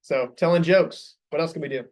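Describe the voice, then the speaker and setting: A man's voice: on the high side, fairly quick, a little mellow. A young man leading a sales staff meeting, coaching the group with upbeat questions.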